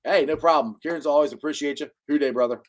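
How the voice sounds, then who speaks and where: Excitable local sports podcast host from Cincinnati, male, slightly high-pitched, laughs easily. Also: fast talker. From Cincinnati, USA. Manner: enthusiastic, laughs at his own jokes. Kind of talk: casual sports podcast chat. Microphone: live-stream microphone.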